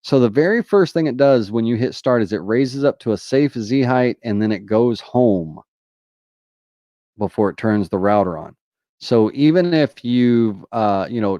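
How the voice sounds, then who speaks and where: A man's voice: medium pitch, dark tone, no echo, studio quality. A man with a Southern US accent hosting a live question-and-answer tutorial, talking casually with many fillers like "uh" and "you know". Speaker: host answering viewer questions.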